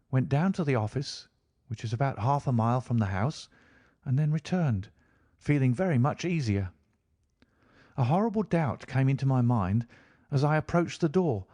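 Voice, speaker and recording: A classic mystery is read aloud by an audiobook narrator in a calm, even cadence. His voice sits in the mid-range, and the studio-quality recording carries no room sound.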